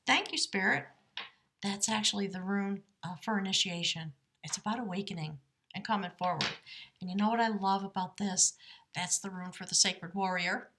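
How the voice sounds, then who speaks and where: A woman hosting a tarot live stream from her home, musing earnestly and spiritually in a casual way, sometimes dropping to a hushed aside. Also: medium pitch. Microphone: device camera.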